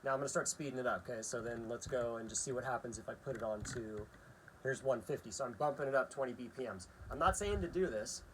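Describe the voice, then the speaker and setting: A man giving a casual drum lesson, chatty and relaxed, counting rhythms aloud as he demonstrates. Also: mid-range voice, fast talker, background noise. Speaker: drum teacher. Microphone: phone camera aimed at a practice pad.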